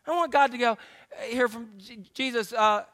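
Pastor guy preaching, earnest and chatty, bright high voice. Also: moderate pace. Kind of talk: sermon.

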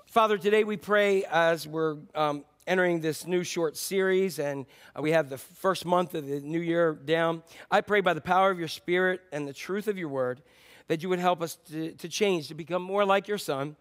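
A man's voice: fairly high pitch, normal speed. A man preaching a sermon as pastor, telling a story in a conversational way with fillers and restarts.

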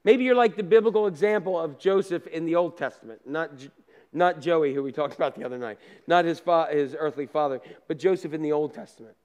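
A man with a high, light voice preaches like he is telling a story to friends. He mixes plainspoken asides into the sermon and swings between loud bursts and quiet remarks. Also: brisk. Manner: conversational storytelling with down-to-earth asides. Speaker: pastor.

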